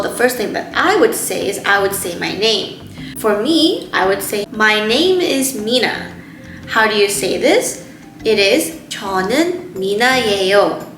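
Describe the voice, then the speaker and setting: Clear, patient woman teaching a lesson. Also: on the high side, fairly bright tone, echoey room. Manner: slow, careful explanations with spelled-out examples. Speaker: Korean language teacher. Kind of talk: online language lesson.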